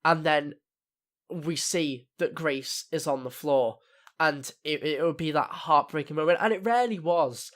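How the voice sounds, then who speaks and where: A man's voice: a little high, a little slow, fairly bright tone. A young man giving a casual spoken TV episode review, rambling with many fillers and restarts. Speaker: TV review vlogger.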